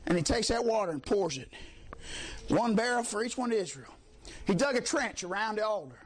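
High-pitched fiery preacher. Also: male voice, expressive, fairly quick, slightly rough. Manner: shouting, mocking, laughing, call-and-response. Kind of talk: fiery sermon.

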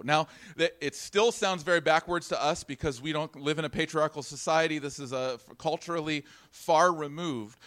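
A man delivering a sermon to his congregation, with a fairly high voice for a man. He explains the scripture in a relaxed, conversational way and turns to the listeners with questions and small jokes. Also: a little slow. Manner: conversational teaching with asides to the congregation. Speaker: pastor.

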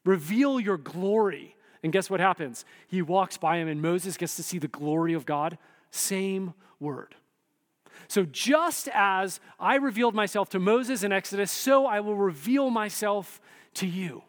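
A man preaching a sermon in a conversational, animated way, often checking in with the listeners. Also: high-pitched, measured pace, big-room sound. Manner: conversational, animated, frequent "right?" asides. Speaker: pastor.

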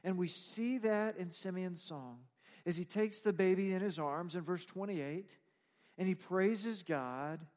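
A man's voice: high-pitched, unhurried, a little mellow. A man preaching a sermon as pastor, explaining scripture in an emphatic way. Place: church sanctuary. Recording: long reverb of a church hall.

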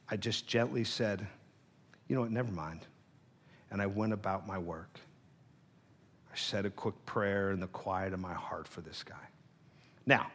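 A male pastor preaching a sermon, telling a personal story and acting out both sides of a quarrel, then dropping to a low, hushed voice for the heart of his message. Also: slightly rough.

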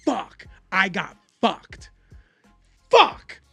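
In casual chat, a man with a high, gravelly voice tells a rambling, profane story, acting out every quote with wildly swooping pitch and drawn-out words. His tone is bright and edgy, and the recording is dry and close with no echo, faint music underneath.

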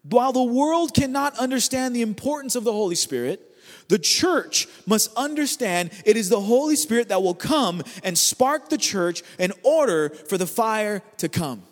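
A man preaching as a guest speaker at a church service, talking in an energetic, conversational way and repeating phrases for emphasis. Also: high-pitched, normal speed, in a large hall. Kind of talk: sermon.

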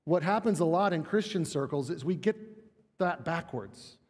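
Animated pastor preaching in echoing church. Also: male voice, on the high side, moderate pace. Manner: animated, emphatic, repeats words when building a point. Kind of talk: sermon. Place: church sanctuary. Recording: long church reverb.

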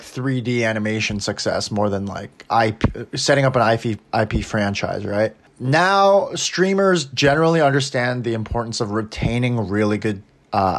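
A man co-hosting a casual podcast, chatty and analytical, laughing often. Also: mid-range voice. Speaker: podcast co-host.

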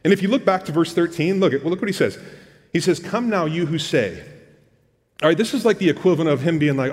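A man's voice: fairly high pitch, very animated, brisk, in a large hall. A man preaching a sermon in a casual, conversational way, often repeating words and asking the congregation questions. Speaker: pastor.

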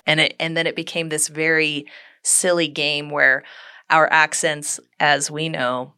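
A woman co-hosting a casual improv podcast, thoughtful and slightly halting. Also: low voice, level tone, pushed and bright, clean tone, no echo, studio quality.

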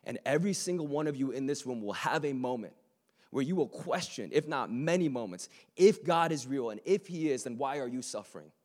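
A man's voice: medium pitch, animated, a little fast, a little mellow. A man preaching a sermon to a live room, earnest and conversational, with joking asides to the audience.

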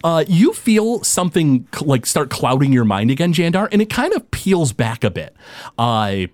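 A man runs a tabletop game, narrating in a loose, rambling way full of filler words. His pitch swings lively up and down, and the recording is dry and close. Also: moderate pace, no echo. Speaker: game master.

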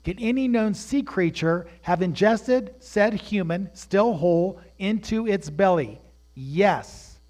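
A man teaching a sermon, asking rhetorical questions and swinging between hushed, drawn-out phrases and loud, emphatic preaching. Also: high-pitched, expressive.

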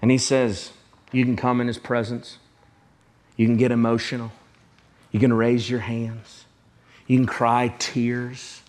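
An emphatic male pastor delivering a sermon at a middle pitch. He drives his points home through repetition and addresses his listeners directly. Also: flat delivery, measured pace, pauses often.

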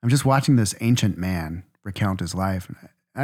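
A man speaks in an earnest, reflective way. His voice sits a little low. He builds his stories in rhythmic lists. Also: expressive, moderate pace, darkish tone, slightly rough. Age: 40s. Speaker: podcast co-host. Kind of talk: reflective faith conversation.

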